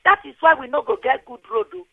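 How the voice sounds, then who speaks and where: A woman's voice: high-pitched, fast talker. A woman with a Nigerian Pidgin English accent calling in to a radio show, speaking earnestly and pleadingly, repeating her points. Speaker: radio call-in caller. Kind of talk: impassioned phone-in comment. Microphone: telephone. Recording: muffled phone line.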